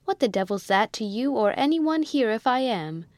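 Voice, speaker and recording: A woman's voice: a little high, expressive, moderate pace, dry recording, close to an everyday voice. A woman reading as a fiery young army lieutenant. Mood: fierce. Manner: indignant, shouting. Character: hot-tempered young male army lieutenant. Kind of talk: audiobook reading.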